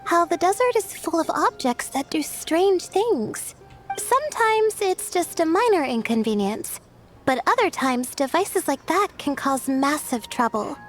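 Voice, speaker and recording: A woman voicing a shy, sleepy young scholar in a video game, soft-spoken and hesitant. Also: very high voice, lively intonation, measured pace, faint music behind. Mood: calm. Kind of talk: game voice acting.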